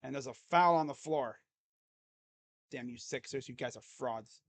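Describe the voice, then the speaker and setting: A man giving casual live play-by-play reaction to a basketball game, jumping between loud excited calls and low muttered grumbling as a rambling fan. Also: a little slow. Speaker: sports YouTuber doing live play-by-play.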